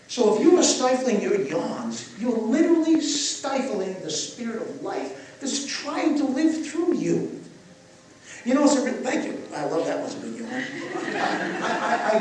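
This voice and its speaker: An older man leading a guided breathwork session for a live audience, asking gentle questions and slipping in playful jokes. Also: high voice, slight background noise. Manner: gentle guiding questions, joking asides. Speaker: breathwork teacher. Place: large echoey event space. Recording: echoey, distant live event recording with ambience.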